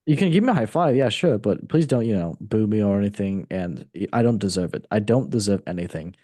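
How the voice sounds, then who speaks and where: A man hosting a football podcast, running through match results in a relaxed, joking way. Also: on the low side, a little fast, a little hiss or hum. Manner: relaxed, joking, reads results in a steady run. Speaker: podcast host. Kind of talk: casual football chat.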